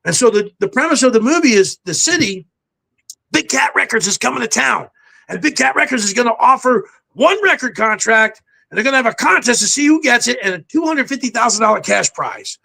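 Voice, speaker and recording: An older man, a podcast guest, telling stories in a brisk, self-assured way. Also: extremely high pitch, lively intonation, creaky, pushed and bright. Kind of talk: casual podcast chat. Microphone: home setup with a backdrop.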